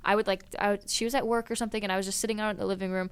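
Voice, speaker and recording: A woman's voice: mid-range voice, level tone, racing, smooth. A nineteen-year-old woman co-hosting a podcast, chiming in emphatically in casual chat. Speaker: podcast co-host.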